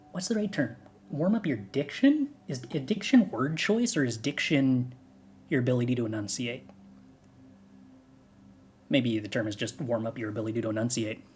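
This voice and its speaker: A man in mid-range pitch talks to his stream from a home setup, close on his microphone. He rambles loosely, asking himself questions and answering with wry, offhand remarks. The tone is casual and unscripted. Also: husky. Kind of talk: casual stream chat between singing warm-ups.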